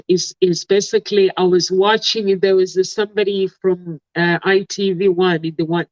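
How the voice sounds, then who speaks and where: A man's voice: high voice, no room sound. A man in a casual online talk show, rambling and restarting as he tells an anecdote. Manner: rambling, many restarts and fillers. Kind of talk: casual chat. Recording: dull, dry lo-fi audio.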